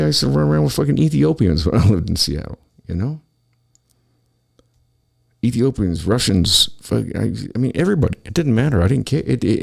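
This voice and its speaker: A man with a very low, gravelly voice rants on his own show. He talks angrily and swears constantly as he vents to his listeners. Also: darkish tone. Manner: angry, profane, ranting. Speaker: podcast host. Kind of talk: solo political rant.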